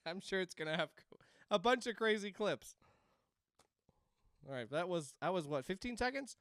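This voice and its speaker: Man, high lively voice, bright and crisp, rambling game commentary with sudden screams, close dry home mic. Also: normal speed, no echo. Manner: rambling, laughing, screaming bursts. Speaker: game streamer. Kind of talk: let's-play commentary. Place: home room. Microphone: desk microphone.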